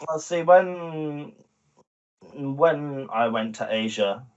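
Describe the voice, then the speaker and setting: A man's voice: on the high side, lively intonation, very slow, highs cut off. Laid-back man, dry humour. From England. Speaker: podcast co-host. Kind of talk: casual travel chat.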